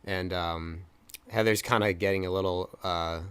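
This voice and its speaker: With a deep, steady voice that is fairly bright and smooth, a young film review podcast co-host talks at a normal speed. He casually retells scenes, filling them with fillers and acted-out lines.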